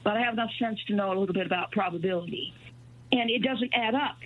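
A woman calling in to a radio talk show, rambling and halting with many fillers. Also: mid-range voice. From New Mexico. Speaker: caller. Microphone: telephone. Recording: tinny phone line.

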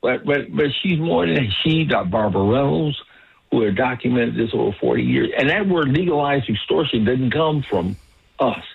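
A male caller on a radio talk show, speaking passionately but haltingly, with many restarts and repeated words. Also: mid-range voice, animated. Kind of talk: passionate call-in commentary. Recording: husky phone line.

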